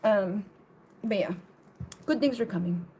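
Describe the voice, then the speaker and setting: A woman's voice: mid-range voice, a little slow, warm tone, slight background noise. A woman reading tarot on a casual live stream, rambling with lots of swearing, laughter and playful silly riffs on words. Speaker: tarot reader.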